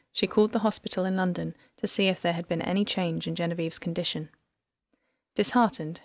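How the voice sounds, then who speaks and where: A woman narrating an audiobook in an even, measured storytelling manner. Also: lowish voice, creaky, no echo, clean studio sound. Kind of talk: scripted narration.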